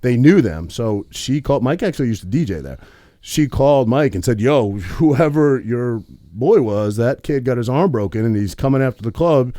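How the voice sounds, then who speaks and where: A man, co-hosting a podcast in relaxed, profane chat full of fillers. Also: medium pitch, moderate pace, no echo, studio quality. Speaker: podcast co-host. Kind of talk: casual storytelling chat.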